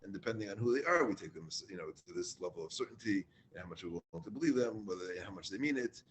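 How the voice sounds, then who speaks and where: A man's voice: lowish voice, expressive, very fast, slight background noise. A man leading a Torah class, reading Hebrew lines and explaining them in casual English with restarts.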